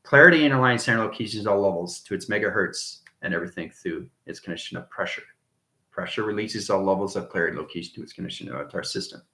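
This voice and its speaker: A man's voice: deep voice, fast talker, bright, forceful tone, roomy sound. A man hosting a livestream, talking in a rambling monologue full of repeated jargon and frequent "right?" checks to his viewers. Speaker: livestream host.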